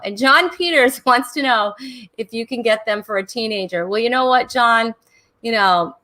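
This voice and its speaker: A chatty woman hosts a live online comedy talk show with bubbly excitement. Her voice sits a bit high and rings bright and forward. She giggles, stumbles and restarts her lines as she goes. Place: home in Rhode Island during a thunderstorm.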